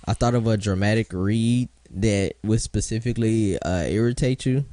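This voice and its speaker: A man's voice: on the low side, moderate pace, dark tone, no room sound. A man co-hosting a podcast, chatting casually and telling long rambling stories, breaking into laughing impressions. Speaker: podcast co-host. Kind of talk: casual chat.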